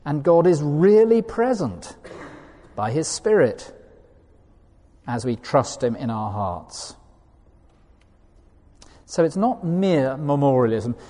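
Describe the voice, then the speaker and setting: A male preacher gives an earnest, emphatic sermon, now and then reading quotations aloud. His voice is dark and mellow at a middle pitch. It rings out with the long reverb of a large hall.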